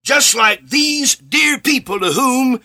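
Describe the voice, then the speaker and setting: A middle-aged man preaching a sermon, impassioned, repeating phrases and swinging from shouts to quiet lines. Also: expressive, takes it slowly, vocal fry. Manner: impassioned, rising to shouts then dropping low.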